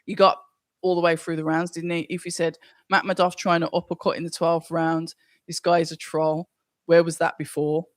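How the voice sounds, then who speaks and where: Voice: mid-range voice, no echo, studio quality. A host running a live watch-along stream, reading viewer comments aloud and chatting casually as they think aloud.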